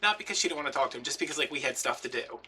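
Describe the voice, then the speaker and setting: A young man who hosts a craft video and tells a rambling story in casual chat, putting on higher voices for the people he quotes. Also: lively intonation, very fast, bright, forceful tone, far from the mic, a little hiss or hum.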